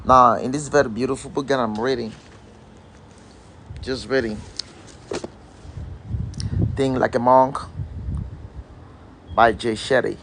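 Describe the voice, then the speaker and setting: A man's voice: medium pitch, steady tone, slow pace, creaky, pauses often, noisy background. Give me a man with a mid-range voice hosting an emphatic, repetitive motivational live-stream outdoors. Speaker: motivational livestream host. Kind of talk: casual live-stream monologue.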